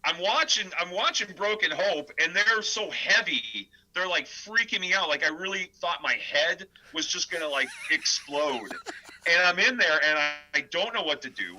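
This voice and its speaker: Man, from the Midwest, metal musician, chatty rambling storyteller, sharp forceful tone. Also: high-pitched, moderate pace, slight background noise, low-quality recording. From Midwest United States. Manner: animated, rambling, many filler words. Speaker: death metal vocalist and guitarist, guest. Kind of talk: casual storytelling interview.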